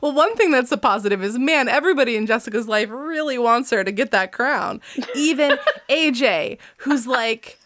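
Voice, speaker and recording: A woman hosting a podcast in casual chat, laughing often and reading passages aloud in animated voices. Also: on the high side, moderate pace, dry recording, clean studio sound. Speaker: podcast host.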